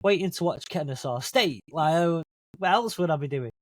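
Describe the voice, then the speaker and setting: British man, podcast host, higher pitch, dry recording, casual teasing chat. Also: animated, normal speed, no echo. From Britain. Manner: teasing, wraps up with show sign-off.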